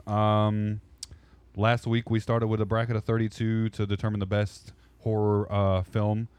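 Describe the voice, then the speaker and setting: A man's voice: on the low side, monotone, a little slow, a little mellow, clear, resonant tone, dry recording. A man, perhaps in his thirties, hosting a casual podcast, leading the chat and laughing often. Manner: laughs often, leads the talk. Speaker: podcast host.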